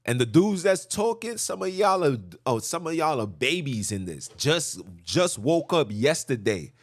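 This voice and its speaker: A man hosting a podcast, delivering an impassioned religious monologue with an animated, preachy manner and a habit of repeating himself for emphasis. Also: fairly high pitch, measured pace, dry recording. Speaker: podcast host.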